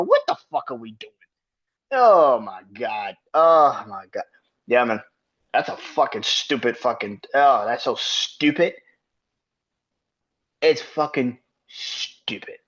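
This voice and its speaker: With a medium-pitched, animated voice at normal speed, a man hosting a podcast goes on a heated wrestling rant. It's profane and exasperated, with disbelieving laughter, and the recording is dull and lo-fi.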